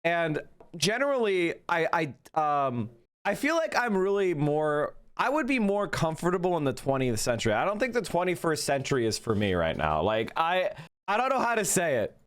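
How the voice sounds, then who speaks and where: A man's voice: a little high, big pitch swings, moderate pace, clean tone. A man giving casual political commentary, rambling with many fillers and hesitations.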